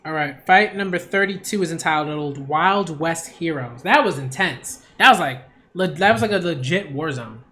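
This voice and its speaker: A man reading a manga aloud and reacting to it in a casual, excitable way, full of slang like "yo" and "like". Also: on the high side, moderate pace. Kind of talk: casual read-along reaction.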